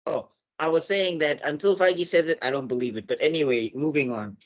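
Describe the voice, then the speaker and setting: A man's voice: on the high side, fairly quick, hardly any pauses. A man from South Africa with a South African accent, hosting a casual podcast chat, joking and talking in loose sentences full of fillers. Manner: chatty, joking, many fillers. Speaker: podcast host.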